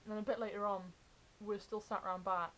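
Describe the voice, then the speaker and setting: A young adult woman, excitedly telling fan stories in a casual vlog. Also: medium pitch, brisk, a little hiss or hum, rough recording. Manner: chatty, excited retelling of fan anecdotes. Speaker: vlogger.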